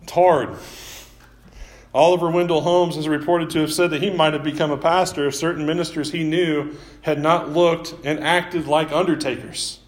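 A man preaching a sermon as pastor, talking in a relaxed, conversational way with self-deprecating asides, live-streamed from a church. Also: a little high, moderate pace.

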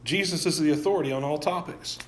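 Conversational pastor with a higher voice. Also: male voice, fast, reverberant. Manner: conversational, often restarts words, quizzes the congregation. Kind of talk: sermon. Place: church sanctuary.

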